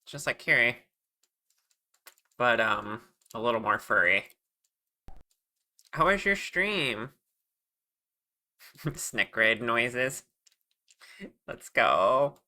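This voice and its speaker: Chill streamer voice, slow talker, super bright sharp tone, laughs a lot. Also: mid-range voice, lively intonation. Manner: friendly, chatty, laughs often, greets viewers. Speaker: streamer and 3D modeler. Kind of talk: casual live-stream chat.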